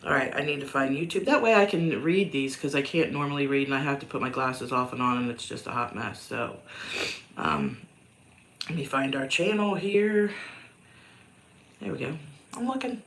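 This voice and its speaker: Woman, low-pitched, bright forceful tone, coughing, rambling casual livestream host. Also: animated, normal speed, long pauses, slight background noise. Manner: rambling, chatty, self-mocking. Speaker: host answering viewer questions. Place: downstairs at home.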